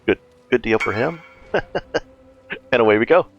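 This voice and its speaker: A man casually narrating a gameplay walkthrough as a gaming guide host, relaxed and chatty, thinking aloud with fillers. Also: mid-range voice, normal speed, gravelly, dull audio, soft background music.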